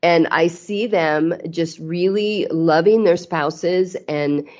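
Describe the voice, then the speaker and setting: A woman's voice: fairly low pitch, slow pace, a little mellow. A middle-aged woman talking candidly as a guest in a casual interview, earnest and often restarting her sentences. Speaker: podcast guest. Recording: slightly muffled audio.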